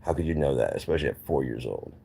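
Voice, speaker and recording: Host type: man with an extremely deep, gravelly voice, loose and opinionated solo chat. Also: lively intonation, fast talker, mellow, a little hiss or hum. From United States. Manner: rambling, opinionated, restarts often. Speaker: channel host. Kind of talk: casual monologue to camera.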